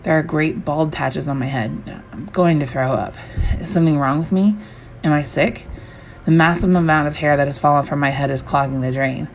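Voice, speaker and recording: A woman reading a first-person horror story aloud, measured and slowing down on the eerie lines. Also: low voice, a little hiss or hum. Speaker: story reader.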